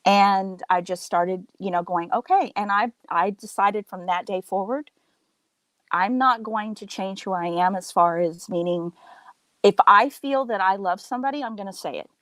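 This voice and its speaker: A woman's voice: mid-range voice, normal speed, dry recording, rough recording. A middle-aged woman in casual chat, telling a story animatedly and acting out the voices of others. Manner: animated storyteller, acts out quoted voices, laughs often.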